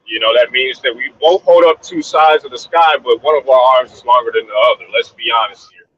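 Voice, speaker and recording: A man's voice: mid-range voice, fairly quick, fairly bright tone, dull audio, a little hiss or hum. A man talking casually and loosely, swearing and laughing between his points. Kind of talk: casual debate talk.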